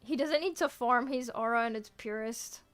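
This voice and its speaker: A young woman streams to her viewers in a loose, teasing chat, breaking into laughs and restarting her sentences. Her voice sits high and sounds bright and clean. She answers her chat playfully and keeps the talk rolling. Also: normal speed, faint music behind. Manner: chatty, self-interrupting, laughs often. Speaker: VTuber streamer.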